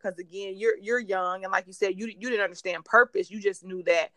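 A woman's voice: mid-range voice, fairly even intonation, brisk, no echo, clean studio sound. A woman hosting a faith-based interview, encouraging her guest and often restarting her sentences. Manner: warm encouraging, many restarts and laughs. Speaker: podcast host.

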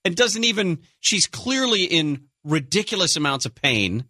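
A man co-hosting a talk radio show, chatting casually and telling stories with sarcastic, animated flair. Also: high voice, moderate pace, dry recording, studio quality. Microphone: studio microphone.

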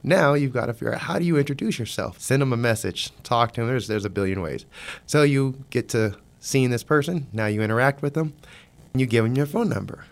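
A man's voice: mid-range voice, fairly quick, gravelly. Man talking straight to the listener. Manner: acts out quoted voices; conversational, talks straight to the listener. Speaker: host. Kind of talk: monologue.

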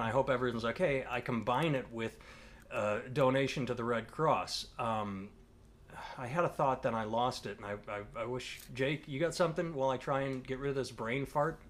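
A man's voice: medium pitch, moderate pace, fairly bright tone. A man, a comedian and podcast co-host, talking in loose casual chat that rambles, swears freely and heats up into rants.

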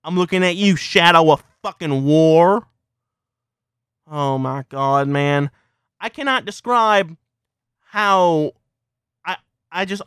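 Furious swearing gaming rant, crisp dry voice. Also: medium pitch, fairly bright tone, dry recording. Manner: heated, swears constantly, rhetorical questions. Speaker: gaming commentator. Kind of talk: profane ranting commentary.

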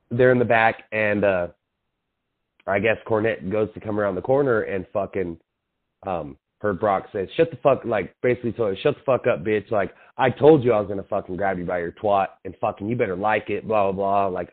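A young man with a fairly low voice spins a profane, rambling story and acts out everyone's lines. The sound is thin and tinny, like a phone line. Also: a little fast. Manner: profane, animated storytelling with acted-out quotes. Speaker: podcast co-host. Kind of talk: casual chat.

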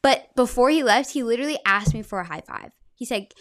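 A young woman hosts a podcast, retelling a story in a chatty, casual way packed with "like" fillers. Her voice is on the high side, animated, slightly fast and a bit bright, captured as clean studio sound with no room echo.

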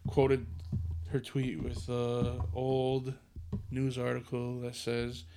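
A man co-hosting a podcast, tossing out quick joking asides in casual chat. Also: mid-range voice, monotone, background noise. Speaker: podcast co-host.

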